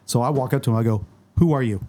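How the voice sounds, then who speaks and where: In a very fast, mid-range voice, a male photographer guesting on a casual podcast recounts stories. He energetically acts out the things other people told him.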